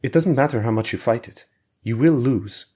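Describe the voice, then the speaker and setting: Man doing a calm interrogator, soft, reassuring, voice lifted a little higher, audiobook. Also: normal speed, breathy edge, lightly acted. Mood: pressing.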